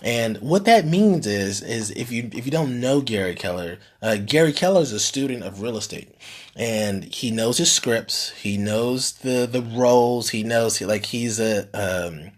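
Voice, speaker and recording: A man's voice: mid-range voice, expressive, a little slow. A man, a real estate team leader, telling a story in a rambling, casual way with many fillers and frequent "right?" tags. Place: live streamed session.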